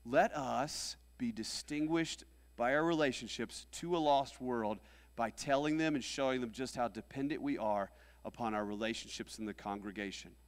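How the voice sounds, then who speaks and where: A man of middle pitch preaches to his congregation in an animated way, building to loud rallying lines and dropping to near-whispered asides. His voice rings out with a long reverb off the hall. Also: normal speed. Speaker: pastor. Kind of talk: sermon. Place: church sanctuary.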